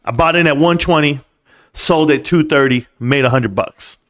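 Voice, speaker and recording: A man voicing his excitable young male coworker, bragging about a quick win. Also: fairly high pitch, close to an everyday voice. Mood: hyped. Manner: hyped, bragging.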